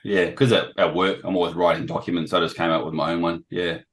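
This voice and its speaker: A man with a hoarse, failing voice giving a casual presentation on a video call, often clearing his throat. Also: sits low, level tone, fast talker, low-quality recording. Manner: frequent throat-clearing, self-deprecating. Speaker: guest trader sharing experience.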